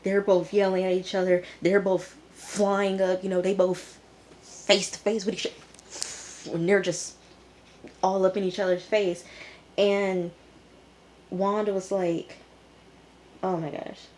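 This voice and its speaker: A woman's voice: medium pitch, level tone, unhurried, pauses often, a little mellow, a little hiss or hum. A woman giving a casual recap of a TV episode, exclaiming and talking straight to her viewers. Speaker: TV episode reviewer.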